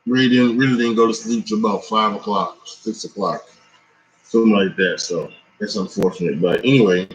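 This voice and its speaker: A man's voice: lowish voice, brisk, lo-fi sound, slight background noise. Rambling tired man reviewing wrestling. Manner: rambling, many restarts and fillers. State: tired, yawning. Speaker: wrestling commentator. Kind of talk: casual wrestling reaction.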